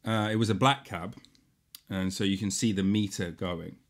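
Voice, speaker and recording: A man co-hosting a casual podcast, telling rambling anecdotes, laughing often and dropping quietly into the voices of people he quotes. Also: deep voice, steady tone, normal speed. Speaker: podcast co-host. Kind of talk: casual chat, storytelling.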